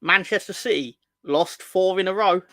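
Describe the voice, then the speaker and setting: A young man with a high, somewhat bright voice hosts a football fan livestream at normal speed, with no echo. He chats casually, rambling and making jokes as he teases viewers about their comments.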